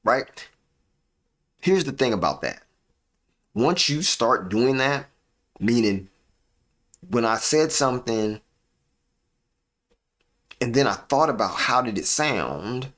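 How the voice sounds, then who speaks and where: A man hosting a live stream, giving a motivational talk with deliberate pauses and a habit of tagging sentences with "right?". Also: mid-range voice, fairly bright tone. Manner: preachy, repeats "right?" as a tag; uses deliberate dramatic pauses.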